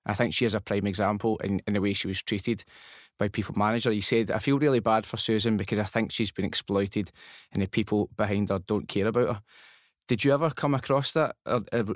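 A man's voice: on the low side, steady tone, a little fast, no echo, studio quality. A Scottish man hosting a podcast, asking long, rambling questions in casual slang. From Scotland. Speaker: podcast host. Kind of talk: casual interview chat.

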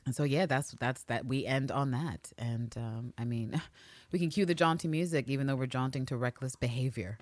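A woman co-hosting a podcast, recapping a TV episode in casual, animated chat and acting out quotes. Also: a bass voice, normal speed, dry recording. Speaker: podcast co-host.

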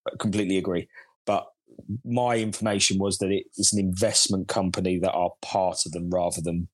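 A man on a football podcast, setting out his information in a measured, precise way. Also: low voice, little pitch movement, husky, no room sound. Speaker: podcast co-host. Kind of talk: casual football chat.

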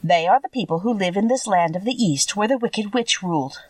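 A woman voicing a small, wrinkled, kindly old good witch who speaks sweetly and calmly, with a gentle assurance. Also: medium pitch, brisk, no room sound, distant mic, lightly acted, low-quality recording.

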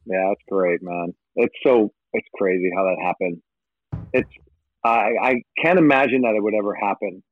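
A man's voice: fairly low pitch, no room sound. A man telling rambling, profane anecdotes as a guest in a casual interview. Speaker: rock musician guest. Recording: tinny phone-like line, dry.

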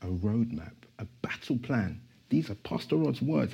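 Husky man preaching with rising fervor. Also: mid-range voice, animated, normal speed, dark tone. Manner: impassioned, rising to emphatic declarations. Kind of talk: sermon.

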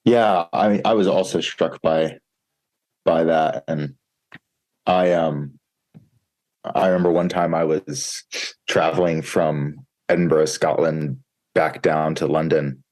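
A man's voice: a bass voice, fairly even intonation, slow pace, pauses often, a little mellow. A man co-hosting a book podcast, reflectively telling a personal story. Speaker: podcast co-host. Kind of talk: casual book discussion.

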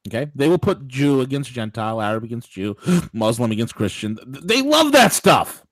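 A man hosting a political talk radio show, ranting in an animated way, with mock voices and laughter. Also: medium pitch, normal speed, dry recording.

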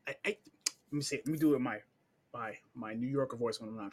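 A man's voice: mid-range voice, fast. A man co-hosting a podcast, recommending comics in an enthusiastic, emphatic casual way. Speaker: podcast co-host.

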